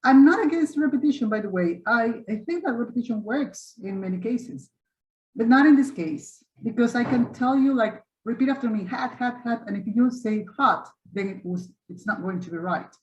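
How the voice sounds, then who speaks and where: A woman's voice: on the high side, expressive, reverberant. Casting note: woman in her 50s, patient teacher demonstrating sounds, dull lo-fi call audio. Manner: patient, demonstrative, repeats and models vowel sounds slowly. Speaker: English teacher hosting a webinar. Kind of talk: online teaching webinar. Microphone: video call.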